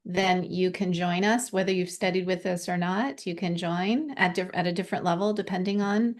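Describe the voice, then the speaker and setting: A woman's voice: lowish voice, steady tone, moderate pace. A woman giving a sincere, earnest thank-you speech over a video call as founder of the group. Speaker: founder and teacher of an animal healing method.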